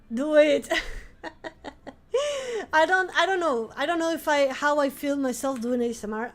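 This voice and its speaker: High-pitched woman w rambling on stream, lots of restarts n laughs. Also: a bit bright. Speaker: vampire-themed streamer. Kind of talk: casual live-stream chat.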